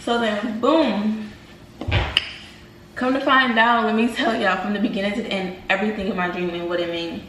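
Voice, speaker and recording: A woman's voice: medium pitch, moderate pace, slight background noise. Young woman telling a dream, slangy. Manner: animated, slangy, addresses viewers as y'all. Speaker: vlogger. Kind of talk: casual storytelling to viewers. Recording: roomy, from a distance, faint ambience.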